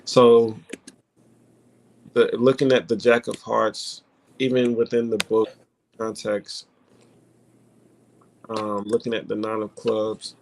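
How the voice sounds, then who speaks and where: Casting: man with a gravelly edge, casual panel talk, hesitant, full of restarts. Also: on the low side, level tone, a little hiss or hum. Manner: halting, many fillers and restarts. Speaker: panelist discussing card readings. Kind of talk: casual group chat.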